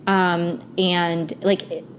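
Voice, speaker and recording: Young woman, podcast host, fairly low voice, casual rambling monologue, lots of "like". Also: little pitch movement, drawn-out words, a little hiss or hum. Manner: rambling, frustrated, heavy on "like".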